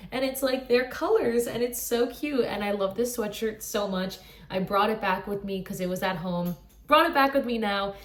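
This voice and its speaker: Casting note: twenties woman, anime reaction vlogger, gushing and emotional, middle-pitched voice in a roomy, echoey space. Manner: gushing, emotional, says "like" often. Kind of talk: casual reaction chat. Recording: roomy echo.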